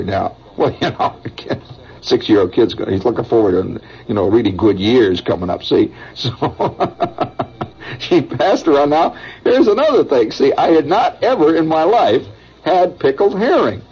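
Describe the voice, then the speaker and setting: A man's voice: medium pitch, sing-song, measured pace, husky, muffled recording. Folksy male radio storyteller, vintage broadcast. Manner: folksy and conversational, with chuckles and asides to listeners. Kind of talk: rambling spoken storytelling.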